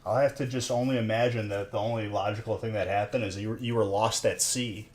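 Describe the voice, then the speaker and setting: This streamer's voice is fairly low, fairly quick and a little mellow, with fairly even intonation. Opening trading card packs on a casual livestream, he jokes with chat, tallies scores out loud, and says "dude" constantly.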